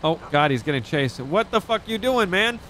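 A man's voice: high voice, lively intonation, normal speed, a bit bright, slight background noise. A man chatting in character in a roleplay game, brash and profane but easygoing. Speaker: roleplay streamer playing a rich animal owner.

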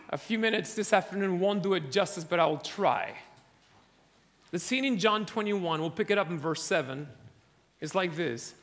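A preacher with a high, slightly bright voice tells funny stories during his sermon. His audience laughs along.

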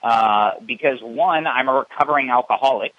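A man's voice: medium pitch, pushed and bright, a little hiss or hum. Indignant man complaining on a muffled line. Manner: indignant, halting, many fillers and restarts. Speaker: caller. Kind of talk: phone complaint.

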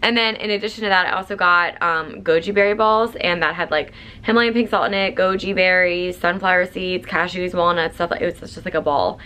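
A woman's voice: on the low side, steady tone, a little fast, bright, forceful tone. A woman in her twenties vlogging at home, chatting casually to a phone camera in a rambling way full of fillers. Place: at home, on the floor.

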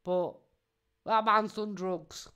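A woman's voice: mid-range voice, fairly even intonation, slow, sharp tone, clean tone. A woman, giving casual live-stream commentary in a mocking tone, laughing often and swearing freely.

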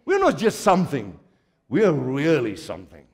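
A man from Africa preaching a sermon to a congregation, animated and full of laughter, swinging from quiet asides to loud exclamations. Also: fairly high pitch, normal speed, husky. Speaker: pastor. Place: large church hall. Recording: church hall reverb.

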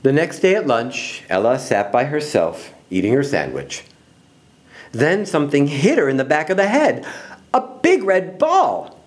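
Guy reading a children's storybook aloud, super animated, voice jumps around a lot. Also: mid-range voice, normal speed. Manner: expressive, animated. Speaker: storybook reader. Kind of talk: children's picture book read-aloud.

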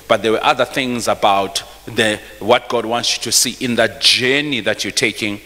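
Deep-voiced preacher in a reverberant church. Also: male voice, normal speed, hardly any pauses, sharp tone. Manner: reads scripture aloud and stops to explain it; repeats and restarts phrases. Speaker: pastor. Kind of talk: sermon. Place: church hall.

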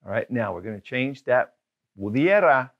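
A man tutoring a grammar lesson, upbeat and casual, slowing down to stress each example phrase. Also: medium pitch, animated, highs cut off. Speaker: Spanish language tutor.

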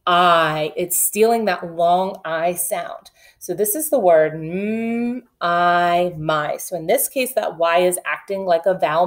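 A woman whose voice sits fairly low teaches kindergarten phonics remotely. After carefully and slowly drilling the letter sounds, she reads a rhyme in a cheerful, encouraging sing-song.

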